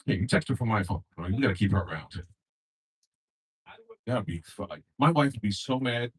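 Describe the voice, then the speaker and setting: Young man, stand-up comedian, husky, lively pitch, profane, jumps into character voices. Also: normal speed, long pauses, distant mic. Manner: loose, profane, acts out characters in shifting voices. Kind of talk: stand-up set.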